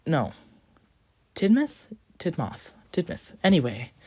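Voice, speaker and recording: A storyteller voicing a kind, polite male steam engine who speaks calmly and gently, with a little rambling. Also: mid-range voice, measured pace, no echo, pitched above the performer's own voice. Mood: gentle. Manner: soft-spoken, warm, slightly rambling.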